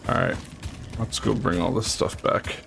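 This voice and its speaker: Male streamer, low voice with gravel, laid-back play-along commentary over faint music. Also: a little slow. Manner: relaxed, thinking aloud while building. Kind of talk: casual gameplay commentary.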